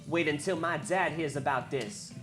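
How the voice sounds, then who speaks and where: A woman voicing a loud, bratty underage boy throwing a tantrum in a game. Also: deep voice, normal speed, over music, lightly acted.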